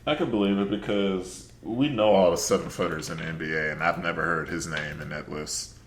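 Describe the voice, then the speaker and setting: A man's voice: deep voice, brisk. A man co-hosting a sports podcast, joking and trash-talking in casual chat. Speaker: podcast co-host.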